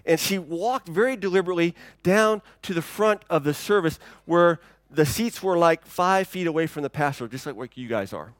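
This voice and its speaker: A man preaching a sermon in a relaxed, conversational way, often repeating words as he starts sentences. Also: a little high, moderate pace, few pauses, no room sound. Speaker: pastor. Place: church.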